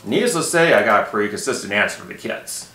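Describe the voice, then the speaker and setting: Lively, bright-voiced puppeteer man. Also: fairly low pitch, fast. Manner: playful, jokey storytelling. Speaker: puppeteer guest. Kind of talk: casual interview. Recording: echoey room.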